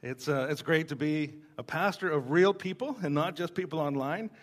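Man, pastor, preaching; teasing storyteller with a fairly high voice, lots of "uh"s. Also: normal speed. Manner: joking, storytelling, many fillers. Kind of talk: sermon.

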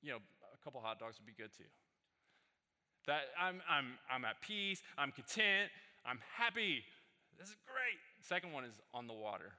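A man preaching a sermon as pastor, telling stories in a loose conversational way that rises into animated peaks. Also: mid-range voice, normal speed. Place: church sanctuary. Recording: reverberant hall.

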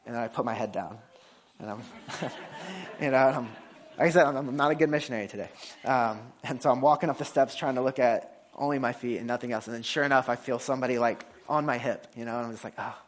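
Fast-talking casual male preacher. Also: medium pitch. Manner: casual, fast, frequent restarts and fillers. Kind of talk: conversational sermon with personal story.

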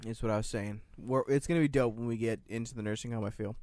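A man's voice: mid-range voice, steady tone, fast, darkish tone, no room sound, studio quality. Rambling, hedging young American man. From United States. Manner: rambling, hedging, restarts often, swears casually. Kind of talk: casual chat.

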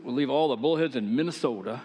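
A man preaching, telling his own testimony in a folksy, animated, conversational way with self-deprecating humor. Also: mid-range voice, quick pace. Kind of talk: folksy storytelling sermon. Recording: long hall reverb.

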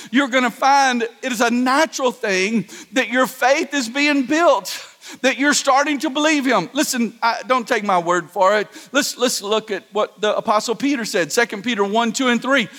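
Male pastor with a very high voice, sermon full of stammered restarts, long church hall echo. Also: moderate pace, a bit bright. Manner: preaching with repeated stammered restarts and call-and-response.

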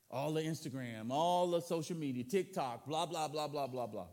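A man's voice: fairly high pitch, moderate pace, hardly any pauses, a little mellow, long reverb tail. A man preaching a sermon in a casual, conversational way with slangy asides.

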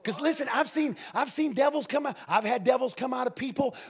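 A man preaching a sermon to a congregation, telling stories emphatically and breaking into shouts and laughter. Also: extremely high pitch, fairly quick, slightly rough. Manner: emphatic, swings into shouting and laughter, lively storytelling. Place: church service with a congregation.

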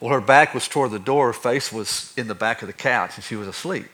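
Bright-voiced storytelling pastor. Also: male voice, medium pitch, a little fast. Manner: animated, acts out stories with shifting loudness. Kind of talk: sermon with personal storytelling.

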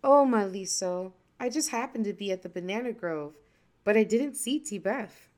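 A woman's voice: medium pitch, animated, moderate pace, natural voice. A woman voicing Uncle Buki, a greedy, scheming male trickster in a folktale, sly and sweet-talking when he wants something. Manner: sly, turns loud and panicked.

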